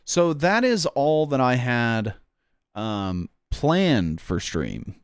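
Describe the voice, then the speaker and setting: A man's voice: medium pitch, very animated, drawn-out words, smooth, no room sound, clean studio sound. A man chatting casually on a stream, rambling and swearing in a jokey, offhand way. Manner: rambling, profane, jokey, says "bro".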